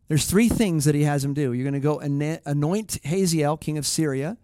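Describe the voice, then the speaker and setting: A man's voice: fairly high pitch, normal speed, dark tone, no echo, studio quality. A middle-aged man preaching a conversational sermon, reflective and plain, often restarting his phrases. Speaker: pastor.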